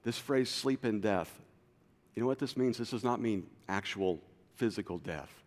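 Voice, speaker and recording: A man preaching a sermon as pastor, swinging from loud, urgent lines to quiet, low ones. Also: normal speed. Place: church auditorium. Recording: long hall reverb.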